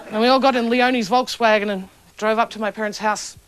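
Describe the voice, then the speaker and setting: A young adult woman telling a stand-up story in a dry, deadpan way to a laughing live audience. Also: fairly high pitch, unhurried, a loud crowd. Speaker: comedian. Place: stage before a live audience. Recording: lo-fi old television recording with loud hiss.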